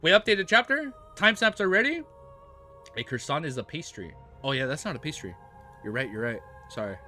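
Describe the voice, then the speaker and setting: Lively bright-voiced American man streaming. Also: on the high side, brisk, soft background music. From United States. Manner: joking, laughs often, mock-French phrases. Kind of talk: casual live-stream chat with viewers.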